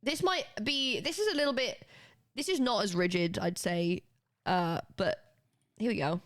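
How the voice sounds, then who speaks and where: A woman's voice: medium pitch, normal speed. Laughing British woman streamer. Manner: chatty, laughs often, animated. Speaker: streamer teaching a spelling lesson. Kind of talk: casual live-stream chat.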